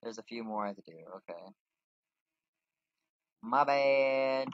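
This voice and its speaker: A man who hosts a gaming channel delivers casual let's-play commentary in a medium-pitched voice at a measured pace. He rambles, jokes at his own expense, and thinks aloud while playing. Audio is echo-free, recorded on a dull lo-fi dry mic.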